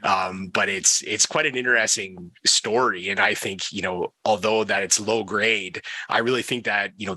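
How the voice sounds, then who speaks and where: A man's voice: on the low side, pushed and bright, dry recording. A man hosting an interview, asking questions in a friendly, affirming way with some hesitant fillers. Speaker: guest host, interviewer. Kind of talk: conversational interview.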